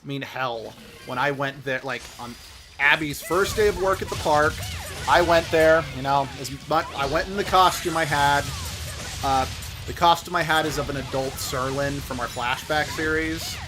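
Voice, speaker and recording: A man co-streaming a game, relaxed and chatty. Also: fairly high pitch, normal speed, over music. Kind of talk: casual chat.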